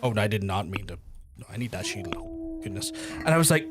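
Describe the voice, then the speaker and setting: A young male streamer talks casually with his chat while he plays. His voice sits a little high, and it jumps up sharply whenever he gets excited. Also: a little fast, pauses often. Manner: excitable and chatty, with big jumps in pitch. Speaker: gaming streamer.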